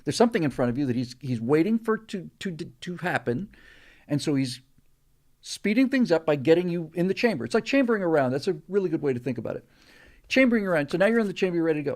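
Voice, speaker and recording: A man's voice: a little high, animated, fairly quick. Man ranting sardonically on a live stream. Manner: rambling, sardonic, gets heated and loud when ranting, mimics pilot radio calls. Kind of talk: casual monologue and rant.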